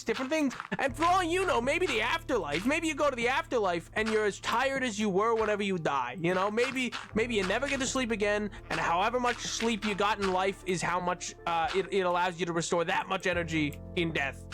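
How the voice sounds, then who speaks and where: A male streamer chats with his viewers in a high, bright voice, laughing easily and staying animated as he goes. Faint music plays underneath his talk. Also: a little fast. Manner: giggly, animated, breaks into laughter often. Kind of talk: casual live-stream chat, reading chat messages.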